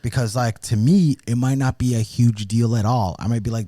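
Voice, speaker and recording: A man's voice: medium pitch, fairly even intonation, normal speed, warm tone, dry recording. A man co-hosting a podcast, earnestly giving marriage advice in casual chat and often restarting his phrases. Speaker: podcast co-host.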